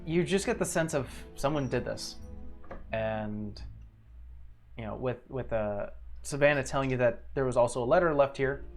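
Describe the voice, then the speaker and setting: Rambling game master man, soft music bed. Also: medium pitch, moderate pace. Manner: relaxed, rambling narration with fillers. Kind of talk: narrating a tabletop game.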